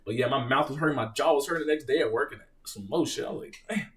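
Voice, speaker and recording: Young male streamer, mid-range voice, off-mic a bit; casual, animated, swears freely. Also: medium pitch, fast talker, far from the mic. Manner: reads viewer questions, animated profane storytelling. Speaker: live stream host, Marine veteran. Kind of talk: casual live Q&A.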